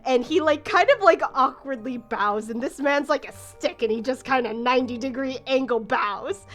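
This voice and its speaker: High-voiced woman game master. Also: normal speed, fairly bright tone, soft background music. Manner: casual, many fillers and restarts. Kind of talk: narrating a tabletop game.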